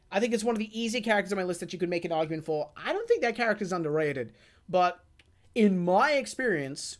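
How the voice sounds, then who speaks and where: A man co-hosting a casual podcast, chatting excitedly and acting out scenes in put-on voices over a remote call mic. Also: sits high. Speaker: podcast co-host.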